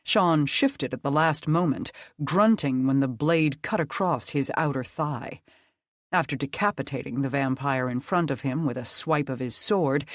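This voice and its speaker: An audiobook narrator reading a dark fantasy story in a steady, measured way. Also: medium pitch, no room sound, clean studio sound.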